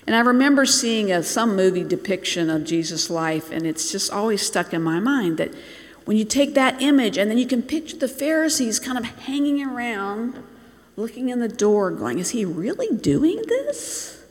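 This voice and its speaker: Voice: mid-range voice, lively intonation. Preacher from Bangladesh, echoing hall. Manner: storytelling, slows and drops to near-whispers for emphasis. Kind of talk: sermon. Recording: long reverb in a large hall.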